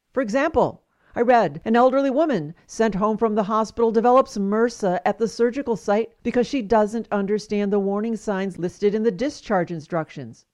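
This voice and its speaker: A woman's voice: mid-range voice, darkish tone. A woman hosting a podcast, giving scripted commentary with wry, emphatic storytelling. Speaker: podcast host.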